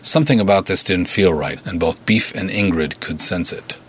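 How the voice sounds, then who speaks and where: Deep, husky male storyteller. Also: fairly bright tone. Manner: measured, vivid storytelling. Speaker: writer and narrator. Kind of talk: dramatic serial story narration.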